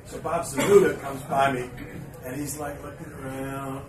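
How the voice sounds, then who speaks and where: A man hosting a podcast in front of live fans, telling an anecdote in an animated way and chuckling as he acts out the scenes. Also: medium pitch, measured pace, crowd noise. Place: live event room with an audience. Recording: roomy, distant live recording with ambient noise.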